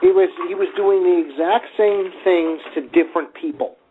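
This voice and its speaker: Male co-host, high voice, excitable, phone-quality audio. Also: moderate pace. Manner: animated, repeats words when excited. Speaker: podcast co-host. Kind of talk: casual wrestling chat. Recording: tinny phone-line audio with faint hiss.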